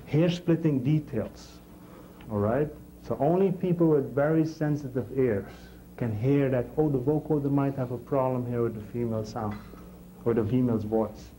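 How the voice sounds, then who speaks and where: A man teaching a technical class in a classroom, halting and repeating words as he explains and checking in with the class. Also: medium pitch, warm tone, slight background noise, low-quality recording. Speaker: instructor.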